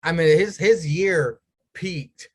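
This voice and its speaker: A man with a slightly higher voice hosts a loose wrestling podcast. He talks through the matches with crude jokes and throws questions to his co-hosts. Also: slow, husky. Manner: crude, joking, leads the rundown. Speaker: podcast host. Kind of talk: casual wrestling talk.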